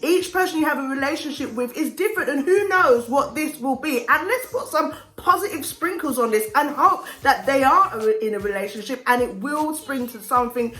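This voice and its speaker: A woman's voice: high-pitched, normal speed, few pauses. A woman chatting casually and giving opinions while reviewing TV shows as a vlogger. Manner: chatty, opinionated, animated storytelling. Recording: roomy echo with faint music.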